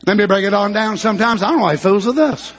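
A preacher delivers an impassioned sermon in a very high, ringing voice. He shouts out his points in bursts and stretches certain phrases slowly for weight. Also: slightly rough.

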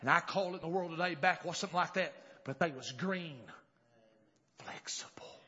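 A man preaching a revival sermon, telling a story and rising to shouted exclamations. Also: a little high, fast, breathy edge, lo-fi sound.

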